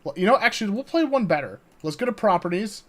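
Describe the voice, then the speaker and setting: A young man chatting live on a game stream, excitable and swearing, laughing often and talking to his chat. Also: high-pitched, quick pace.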